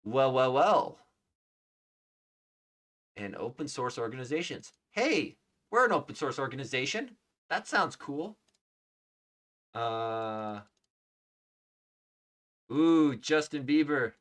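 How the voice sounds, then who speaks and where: A man live-streaming his coding, reading out names as he checks them and thinking aloud, often trailing off into quiet murmurs. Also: mid-range voice, very animated, slow pace, pauses often. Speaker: livestreaming software developer. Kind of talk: casual live-coding commentary.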